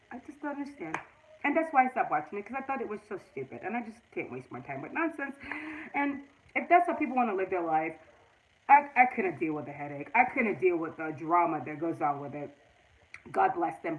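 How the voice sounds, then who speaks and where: A woman's voice: lowish voice, big pitch swings, fairly quick, low-quality recording. A middle-aged woman hosting a casual livestream, earnestly giving relationship advice straight to her viewers. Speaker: livestream host.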